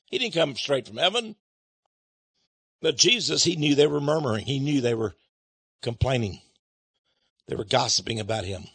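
A man's voice: mid-range voice, expressive, normal speed, long pauses, a bit bright, breathy edge, no echo. A man preaching a sermon, reading scripture aloud and explaining it. He speaks emphatically, fires rhetorical questions at his listeners and chuckles between points.

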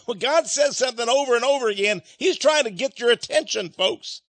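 A man's voice: very high-pitched, lively intonation, moderate pace, fairly bright tone, no echo. A man preaching a sermon, reading scripture aloud and explaining it. He speaks emphatically, fires rhetorical questions at his listeners and chuckles between points.

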